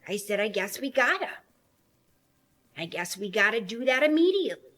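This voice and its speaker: A woman's voice: mid-range voice, big pitch swings, normal speed, a bit bright. A woman playing an older, gossipy small-town woman who rambles through her stories in a comedy monologue. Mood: chatty. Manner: rambling, chatty storyteller.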